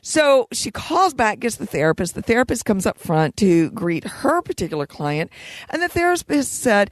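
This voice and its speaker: A woman co-hosting a podcast about running a spa, telling workplace stories in a lively way and laughing often. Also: mid-range voice, moderate pace, dry recording. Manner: animated storyteller, laughs often. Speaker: podcast co-host, spa owner. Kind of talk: casual podcast chat.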